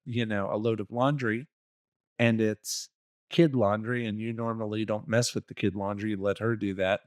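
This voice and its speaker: A man's voice: on the low side, dry recording, clean studio sound. Blunt man giving podcast advice. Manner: blunt and profane, acts out quoted dialogue. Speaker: relationship coaching podcast co-host. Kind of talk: casual podcast advice talk.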